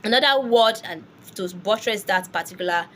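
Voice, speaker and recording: A woman's voice: mid-range voice, moderate pace, a bit bright, a little hiss or hum. A woman teaching French pronunciation, patient and drilling each word over and over for learners to repeat. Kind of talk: language lesson.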